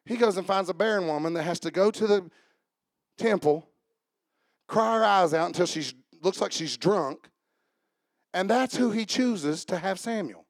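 A man preaching a sermon at a church service, calling out to the congregation and swinging between loud shouts and hushed asides. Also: sits high, dry recording, studio quality.

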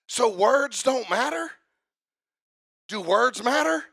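A man preaching a sermon, fervent, building up to shouting and sing-song chanting. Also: sits high, very animated, a little slow, gravelly, no room sound.

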